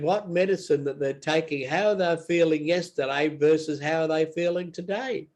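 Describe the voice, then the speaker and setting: Slow-talking man teaching English. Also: a little high, darkish tone. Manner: slow and repetitive, models phrases aloud. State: unwell. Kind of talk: casual spoken lesson.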